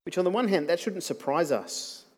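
A man's voice: on the high side, animated, normal speed, husky. A man preaching a sermon, earnest and emphatic, asking the congregation rhetorical questions.

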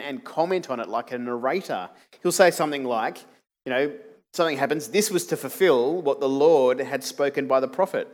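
A man preaching a sermon, earnest and emphatic, asking the congregation rhetorical questions. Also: medium pitch.

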